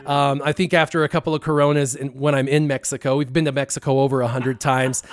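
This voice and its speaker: A man on a live stream telling a long personal story in casual talk, acting out his own past lines with lively bursts. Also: mid-range voice, fast. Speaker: stream co-host.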